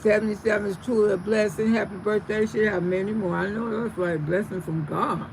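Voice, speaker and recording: A woman hosts a livestream outdoors under a tree, talking briskly at medium pitch. Animated and quick to laugh, she reads comments aloud and calls people "sugar" and "baby," though the audio is poor with slight background noise.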